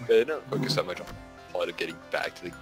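A man in a relaxed, rambling, casual chat with friends during a game session. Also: low voice, rapid-fire, soft background music.

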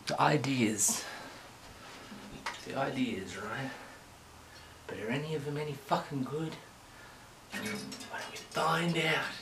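A man vlogging in a manic, profane comedic rant, swinging between shouting and muttering. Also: mid-range voice, slow, pauses often. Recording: echoey room, distant mic, noisy.

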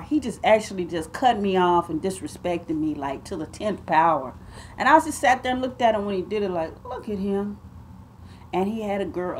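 A woman's voice: on the low side, slight background noise. A woman, telling a story to her viewers in a casual, emphatic way and calling them y'all and babe. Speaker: vlogger.

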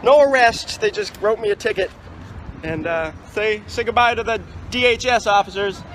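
A filmmaker talking casually and arguing sarcastically with officers. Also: male voice, high-pitched, moderate pace, fairly bright tone, a little hiss or hum, low-quality recording. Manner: sarcastic, argumentative. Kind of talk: casual talk to camera.

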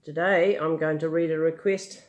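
An older woman reading a picture book aloud, gentle and amused with chatty asides. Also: low-pitched, steady tone, moderate pace. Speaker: storyteller.

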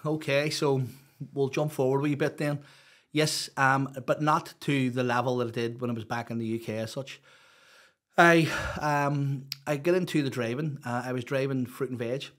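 A man's voice: medium pitch, steady tone, moderate pace, a bit bright. A Northern Irish man, a podcast guest, telling his life story in a rambling, open way, full of "you know". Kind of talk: casual storytelling interview.

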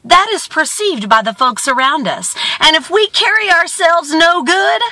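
A woman vlogger giving a motivational talk, expressive and emphatic with a sing-song storytelling manner. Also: sits high, dry recording.

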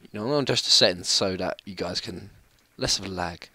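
A young man giving casual, chatty commentary while playing a video game, apologetic and quick to yelp at what happens on screen. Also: sits low, bright, forceful tone, no room sound. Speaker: gaming channel host.

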